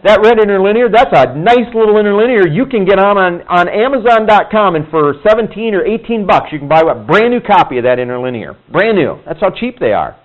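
A male Bible teacher addresses his class casually, his somewhat high voice swinging up and down as he acts out the characters in his stories. He talks fairly fast with barely any pauses. The recording is a dull, muffled, lo-fi room capture.

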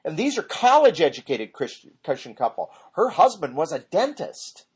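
A man's voice: on the high side, wildly swooping pitch, moderate pace, darkish tone, slightly rough. A man teaching an informal Bible study, rambling off on tangents and correcting himself as he goes.

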